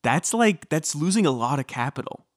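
Measured man explaining with dry wit. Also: a little high, big pitch swings, dry recording. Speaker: podcast co-host. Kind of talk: casual celebrity gossip chat.

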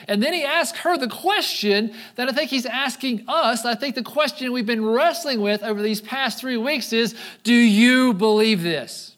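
A male pastor preaching a sermon in an animated way, now and then acting out the voices of people in the story. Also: very high-pitched.

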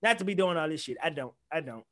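A young man co-hosting a podcast, ranting in animated, profane casual chat. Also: on the high side, fast. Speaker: podcast co-host.

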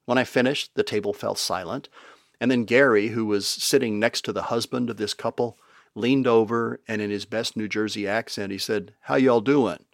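Older man, low voice, dry recording, wry storytelling, conversational. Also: steady tone, moderate pace, gravelly, no room sound. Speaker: podcast storyteller. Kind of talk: storytelling narration.

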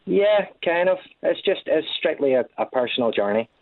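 A man's voice: on the high side, lively intonation, no echo. Scottish man on a tinny call. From Scotland. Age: 30s. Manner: halting, with many restarts and repeated words. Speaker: guest. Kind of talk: casual conversational interview. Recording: tinny phone-like line.

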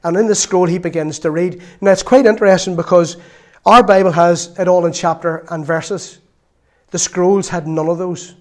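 A man's voice: high-pitched, steady tone, normal speed, darkish tone. Chatty preacher man. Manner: chatty, storytelling, with laughs and asides. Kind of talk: sermon.

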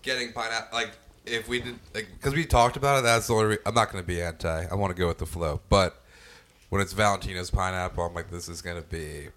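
A man in a casual food-review chat with friends, rambling and restarting his sentences, quick to laugh. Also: sits low, fairly even intonation, a bit bright. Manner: rambling, self-interrupting, laughs easily.

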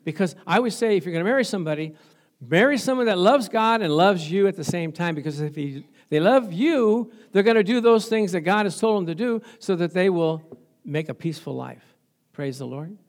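A man's voice: high voice, expressive, a little fast. A middle-aged male pastor preaching a sermon, telling stories with laughter and frequent praise interjections.

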